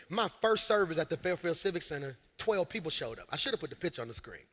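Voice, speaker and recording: A man preaching in a large church hall, with a high, bright, cutting voice. He works the crowd and builds to shouted peaks. A long reverb trails every line. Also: moderate pace, long pauses. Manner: energetic preaching with shouted peaks and call-and-response asides. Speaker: senior pastor. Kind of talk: live sermon.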